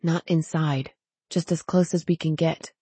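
A woman reading the part of an anxious, determined young woman who speaks in a hushed, pleading way. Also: deep voice, fairly even intonation, measured pace, husky, no echo.

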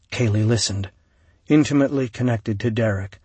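A man reading an audiobook in a measured, solemn way, recorded close on a studio mic. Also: lowish voice, slightly rough, no room sound. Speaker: audiobook narrator. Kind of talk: scripted narration.

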